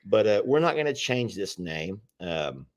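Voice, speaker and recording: A man's voice: on the low side, very animated, measured pace. A man hosting a casual livestream chat about his animal sanctuary, talking in a rambling, repetitive way. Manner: rambling, chatty, repeats himself.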